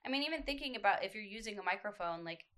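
Woman vocal coach, bright clear tone, chatty and explanatory, podcast guest. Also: mid-range voice, expressive, racing. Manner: explanatory, lots of fillers. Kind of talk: casual podcast chat.

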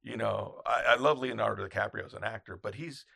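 A man who photographs red carpets, telling anecdotes in casual chat and acting out quotes in loud, high voices. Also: a little fast, creaky, husky, no room sound, clean studio sound.

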